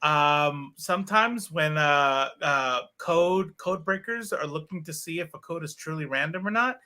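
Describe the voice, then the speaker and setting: Bright-voiced joking man. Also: on the high side, a little slow. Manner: joking, rambling, crude humor. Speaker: podcast co-host. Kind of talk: casual chat.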